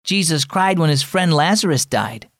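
A man's voice: on the high side, animated, normal speed, vocal fry, no room sound, studio quality. A man voicing a young boy who is upset that his best friend is moving away, speaking in a plaintive, pleading way.

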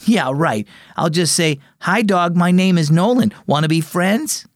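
A man's voice: high-pitched, lively intonation, measured pace, no echo, studio quality, voice pushed up. A man doing a jittery young boy. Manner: raised, youthful delivery. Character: nervous young boy facing a big dog.

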